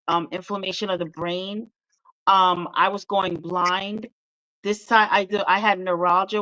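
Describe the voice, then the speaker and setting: A woman's voice: medium pitch, a bit bright, no echo, rough recording. A middle-aged woman, a guest author, telling her story with earnest feeling in a casual interview chat.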